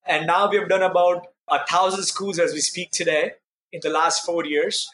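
Man, interview guest, bright tense voice, fairly high, earnest storyteller. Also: steady tone, moderate pace. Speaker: guest, nonprofit founder.

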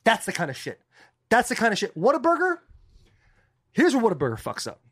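Brief: crude, animated co-host from Arizona, voice swings widely, dry close mic. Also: male voice, high-pitched, fairly quick, slightly rough, dry recording. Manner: animated, rambling storytelling with crude slang. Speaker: podcast co-host. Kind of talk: casual chat.

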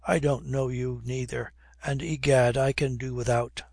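A man's voice: mid-range voice, fairly even intonation, normal speed, gravelly, darkish tone, no room sound, studio quality. A man voicing an impudent, brash young man who mocks everyone with old-fashioned oaths, in a storybook reading. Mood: mocking. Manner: impudent, flippant, period oaths.

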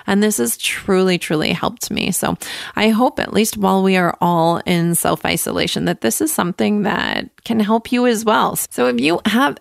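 A woman in her thirties hosts her podcast solo from home. She chats in an upbeat way and acts out her own thoughts, with a gravelly fry under her voice. The recording is dry and close. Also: mid-range voice, normal speed, no echo. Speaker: podcast host. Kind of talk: casual solo podcast talk.

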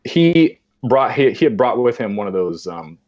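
A man's voice: medium pitch, moderate pace. A man, a podcast guest, telling a personal story in conversation and acting out the voices he quotes. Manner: animated, acts out voices in quotes. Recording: dull lo-fi sound.

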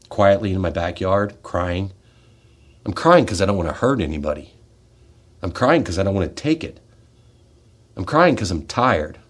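Impassioned low-voiced American veteran. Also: male voice. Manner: fervent, confrontational, swings between loud outbursts and quiet, heavy asides. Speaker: military veteran speaking on a radio show. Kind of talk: impassioned radio monologue. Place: radio studio.

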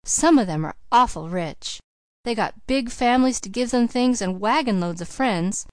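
A woman's voice: on the high side, animated, moderate pace, no room sound, clean studio sound, natural voice. A woman reading the part of an eager, boastful small country boy who chatters in folksy grammar.

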